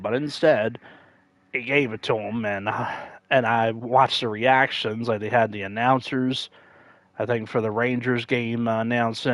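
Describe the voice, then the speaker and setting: A man talks casually on a gaming livestream, wandering from thought to thought with plenty of "like" and "uh". He has a mid-range voice, recorded dry and close with no room sound. Now and then he bursts into loud, high-pitched impressions of announcers. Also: no echo. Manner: rambling, many fillers and self-corrections; acts out quoted announcers with sudden loud high outbursts. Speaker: livestream gamer.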